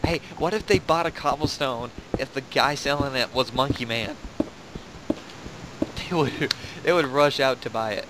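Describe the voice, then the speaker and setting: A man's voice: mid-range voice, fairly quick, noisy background. A young man hosting a gaming video, rambling and joking in casual commentary while laughing at himself.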